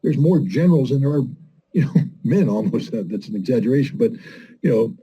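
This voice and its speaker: A man's voice: medium pitch, lively intonation, a little fast, warm tone, breathy edge, rough recording. A middle-aged man giving blunt, impassioned political commentary, full of rhetorical questions and mocking quotes. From United States.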